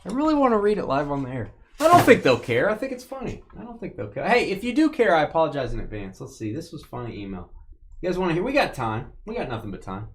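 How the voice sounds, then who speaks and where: A man's voice: fairly high pitch, fast talker, a little hiss or hum. A man hosting a live card-opening stream, joking and bantering casually with the people in the room and the chat. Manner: playful, joking banter with lively swings.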